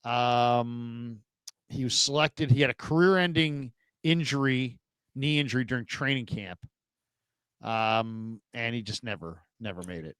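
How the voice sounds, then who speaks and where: A man's voice: measured pace, a bit bright, clear, resonant tone, no room sound, low-quality recording. A middle-aged man hosting sports talk, telling rambling stories about old draft picks. His voice sits in an ordinary middle register and is picked up close and dry, with no room sound. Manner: rambling anecdotes, mimics players in a high goofy voice. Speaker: sports radio host. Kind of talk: casual sports talk storytelling.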